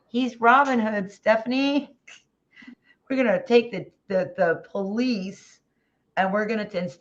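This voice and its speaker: A livestream host talks casually about a case, rambling and restarting sentences while greeting chat viewers by name. The voice is mid-range with a lo-fi sound.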